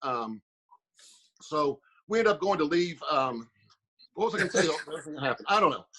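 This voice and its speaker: A man's voice: fairly high pitch, lively intonation, fairly quick, bright, forceful tone, a little hiss or hum, poor audio. A former heavyweight fighter, a man, rambling through a story with lots of fillers on a casual podcast.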